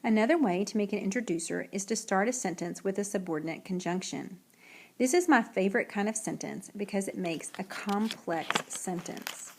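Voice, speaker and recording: In a recorded writing lesson, a woman teacher with a mid-range voice reads example sentences slowly and clearly.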